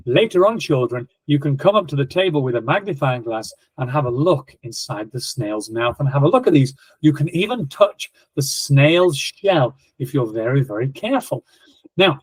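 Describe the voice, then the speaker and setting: A middle-aged man speaking as an education guest, telling classroom stories in a lively way and acting out scenes. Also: a little high, no room sound, low-quality recording. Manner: lively, acts out classroom scenes in quoted voices. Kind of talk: animated storytelling explanation.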